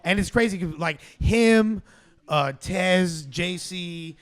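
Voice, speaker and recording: High-voiced guy co-hosting, slangy and animated, cusses constantly. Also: slow pace. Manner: animated slangy banter, swears a lot. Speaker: co-host. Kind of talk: casual chat.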